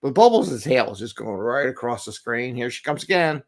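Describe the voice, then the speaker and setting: An earnest middle-aged man talks casually on a live stream from his home. He rambles, repeats himself and laughs lightly between thoughts. His pitch sits in an ordinary middle range. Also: expressive, moderate pace. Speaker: agile coach and show host. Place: home, with a cat nearby.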